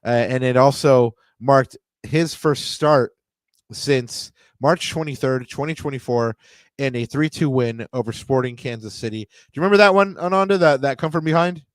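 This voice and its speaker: A man co-hosting a casual sports podcast, his voice smooth and clean with a mid-range pitch. He reads stats conversationally, stumbling into frequent fillers and restarts. The recording is dry and close, with no room sound. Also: moderate pace, no room sound. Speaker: podcast co-host.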